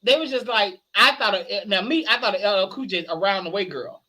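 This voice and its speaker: Bright-voiced, animated storytelling man. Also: high-pitched, brisk. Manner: animated storyteller, laughs a lot, hoarse shouts when excited. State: a little tipsy. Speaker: guest. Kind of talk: casual chat.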